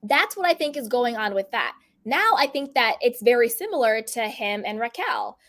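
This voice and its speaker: Woman, reality TV commentator, chatty and opinionated, a touch high-pitched. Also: big pitch swings, moderate pace, a bit bright. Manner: chatty, opinionated, acts out quotes in put-on voices.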